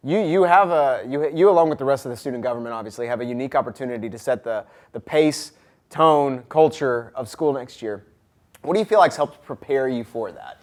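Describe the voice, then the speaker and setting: A man's voice: mid-range voice, brisk. This is a man hosting a casual school podcast interview. His voice sits in a middle range, and his delivery is upbeat and talkative. He laughs easily as he goes. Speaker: school ministry director and podcast host.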